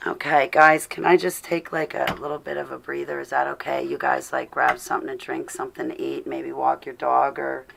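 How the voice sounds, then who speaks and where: A woman livestreaming, reading her own writing in a casual way, halting and apologetic with many pauses, and close to tears. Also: extremely low pitch, level tone, vocal fry, fairly bright tone, a little hiss or hum. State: emotional, near tears.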